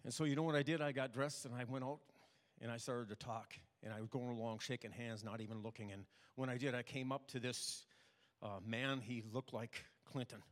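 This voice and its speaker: An older man preaching a sermon, telling personal stories in a plain, halting way. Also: medium pitch, steady tone. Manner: plain, halting testimony with restarts. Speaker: pastor. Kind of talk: storytelling sermon. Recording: long reverb of a hall.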